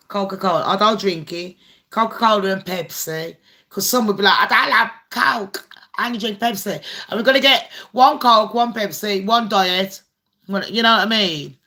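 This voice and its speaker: A woman's voice: mid-range voice, a bit bright. A woman hosting a casual live stream, chatty, swearing freely and laughing often. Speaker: livestream host.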